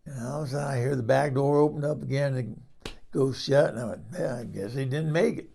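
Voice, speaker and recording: A man's voice: medium pitch, fairly quick, creaky, dark tone. A man playing a frank older woman who rambles through a comic story and laughs at herself. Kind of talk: comic character monologue.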